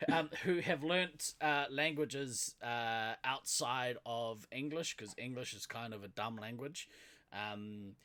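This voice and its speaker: A man with a New Zealand accent co-hosts a podcast in loose, casual chat. He talks at an average pitch, laughs often and fills his pauses with "um". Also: bright, forceful tone. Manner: laughs often, chatty and loose, trails off with fillers. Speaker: podcast co-host.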